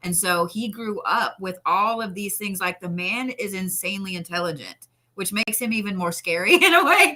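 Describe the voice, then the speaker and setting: A woman guest chatting casually, telling animated stories, laughing often and swearing now and then. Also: mid-range voice, normal speed. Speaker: interview guest, pro wrestler. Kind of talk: casual storytelling chat.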